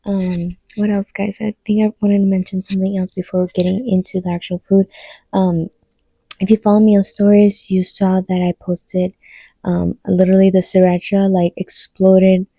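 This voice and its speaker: A woman's voice: medium pitch, flat delivery, moderate pace, dark tone, dry recording. A woman chatting casually to her phone camera as a vlogger, with many "um"s and "like"s. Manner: chatty, lots of fillers like "um" and "like". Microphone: phone camera mic.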